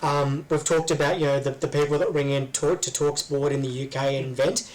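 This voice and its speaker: A man's voice: a little high, level tone, a little fast, rough recording. An Australian man co-hosting a casual chat, rambling with lots of ums and restarts. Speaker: podcast co-host.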